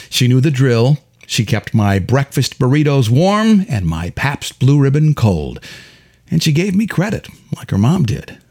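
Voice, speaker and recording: A man reading his own detective story aloud in a wry, deadpan first-person style. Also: medium pitch. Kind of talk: audiobook narration.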